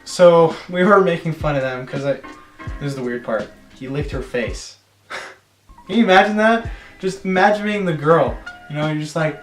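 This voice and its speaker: A young man in his teens telling a story in a casual vlog, animated and chatty, slipping into silly voices now and then. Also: medium pitch, brisk, roomy sound, soft background music. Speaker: storytelling vlogger.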